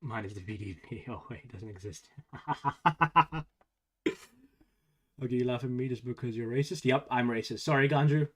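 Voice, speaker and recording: A man's voice: medium pitch, moderate pace, fairly bright tone. A man livestreaming in casual chat, sarcastic and laughing as he argues with his viewers.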